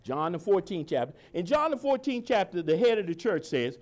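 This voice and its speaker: A pastor preaching a sermon to his congregation, quoting scripture in old-fashioned wording and speaking informally, asking for agreement and slowing down to drive key lines home. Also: sits high, very animated. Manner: preaching with a call-and-response cadence, slowing to stress lines.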